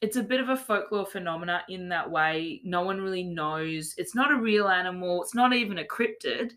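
Australian woman, podcast host, bright voice, mock-serious, playful. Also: fairly low pitch, brisk. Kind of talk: casual podcast chat, deadpan tall tale.

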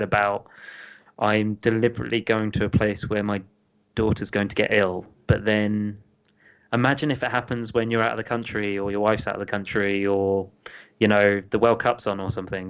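A man's voice: on the low side, gravelly, a bit bright, highs cut off. A man co-hosting a podcast, chatting casually and poking fun at himself while telling dad jokes. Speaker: podcast co-host.

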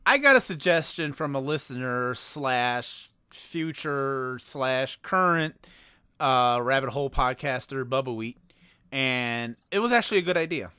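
A man's voice: mid-range voice, unhurried, clean tone, dry recording. Male podcast host, casual and jokey, mid-range voice, dry close sound. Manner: jokey, relaxed, runs the segment. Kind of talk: casual chat.

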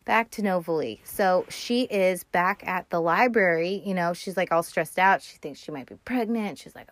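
A woman's voice: lowish voice, moderate pace, few pauses, no room sound. Dry, chatty woman podcast host. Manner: rambling, profane, filler-heavy storytelling. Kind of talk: casual chat, retelling a movie.

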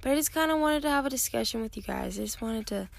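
A young woman talks alone into a close podcast mic, tired and yawning as she rambles candidly with lots of fillers. Her voice has a gravelly fry. The sound is dry and close, with no room around it. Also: on the high side, quick pace, dry recording. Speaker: podcast host. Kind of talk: casual solo podcast talk.

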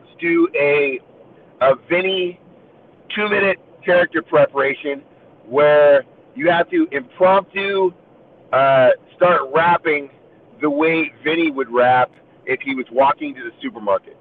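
A man's voice: on the high side, unhurried. A man in casual chat, rambling and joking with lots of fillers. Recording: tinny phone line with faint hiss.

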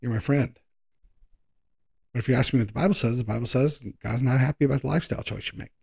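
A man preaches in a relaxed, conversational way. His voice is gravelly and husky, and he sits at a middle pitch. He drags out key words for emphasis and hurries through quick asides. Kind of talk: sermon.

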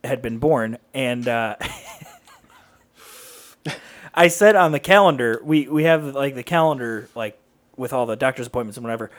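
A man's voice: mid-range voice, moderate pace, pauses often. A man co-hosting a podcast, chatting casually and laughing as he tells stories. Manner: animated, laughing, jumps into voices when telling stories. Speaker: podcast co-host. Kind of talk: casual banter.

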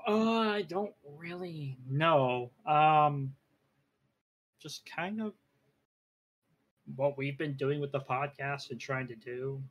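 A man co-hosting a podcast in casual chat who hesitates and fills pauses with "uh" and "um". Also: fairly high pitch, fairly bright tone. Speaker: podcast co-host.

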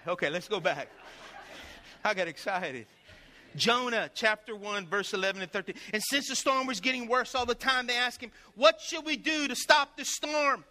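A man preaching a sermon in a very high voice with a hard, forceful edge. He tells his stories with lively energy and acts out the voices of the people in them. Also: in a large hall. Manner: animated storytelling, acting out voices. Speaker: pastor.

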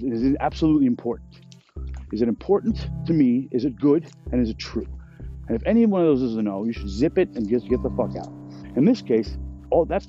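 A man hosting a podcast, telling rambling, profane, jokey stories in a casual monologue. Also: mid-range voice. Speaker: podcast host. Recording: dull lo-fi sound with faint music.

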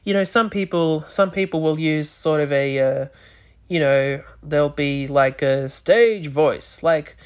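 This is a solo podcast monologue in which the host rambles with many restarts, occasionally slurring words slightly. The voice sits at medium pitch with a darkish tone and a slow pace.

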